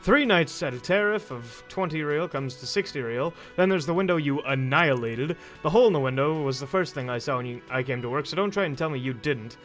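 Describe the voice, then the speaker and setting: A man's voice: fairly high pitch, expressive, fairly quick, few pauses, faint music behind, lightly acted. A man voicing a grumpy, sarcastic male cafeteria manager in a video game who demands money he is owed. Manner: sarcastic, exasperated.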